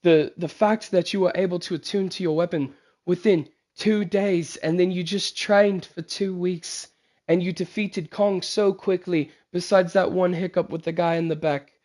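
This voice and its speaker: A man's voice: sits high, fairly even intonation, normal speed, a little mellow, pitched above the performer's own voice, natural voice. A man voicing a gracious male king who talks in a loose, casual way, in a tabletop game. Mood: formal. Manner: casual, slangy speech for a royal.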